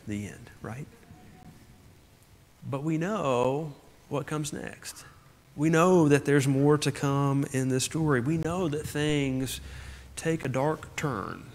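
A man preaching from the pulpit in an earnest voice, pressing home his points with phrase after repeated phrase. His voice sits a touch high for a man. A long reverb trails behind him, as in a big church sanctuary. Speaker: pastor. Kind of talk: sermon.

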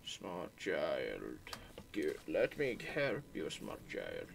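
A man voicing a creepy male stalker who coaxes a child in a low, mock-gentle murmur and a put-on Indian accent. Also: huge pitch swings, drawn-out words, creaky, noisy background, exaggerated voice. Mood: sinister coaxing.

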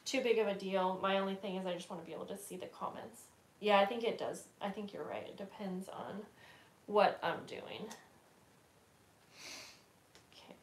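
Woman, craft live host, mid pitch, loose rambly chat, faint noise. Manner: chatty, rambling, many fillers and self-corrections. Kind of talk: casual livestream chat while crafting. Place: indoors at her craft table.

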